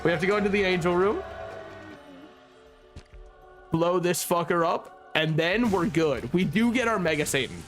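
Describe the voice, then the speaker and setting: A man's voice: high-pitched, lively intonation, a little fast, faint music behind. A man streaming a video game, rambling and joking with frequent swearing. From United States. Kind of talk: casual gameplay commentary.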